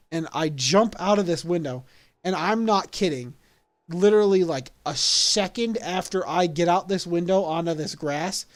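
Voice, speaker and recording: A young man telling a story casually, animated and laughing along at his own story. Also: on the high side. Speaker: vlogger.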